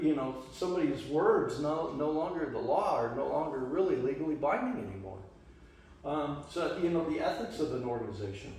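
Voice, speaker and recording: A man's voice: on the high side, darkish tone. Man talking in a very echoey room. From Las Vegas, western US. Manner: rambling, conversational, many restarts and fillers. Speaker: church study group leader. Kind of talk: casual church group teaching. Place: church meeting room. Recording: echoey room, distant mic, faint hum.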